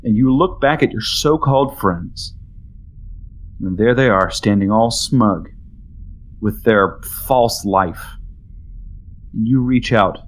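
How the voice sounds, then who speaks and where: ゲームマスターとして語る男性. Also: male voice, lowish voice, takes it slowly, pauses often, a little hiss or hum. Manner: casual, many fillers, dramatic narration. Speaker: game master. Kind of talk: narrating a tabletop role-playing game.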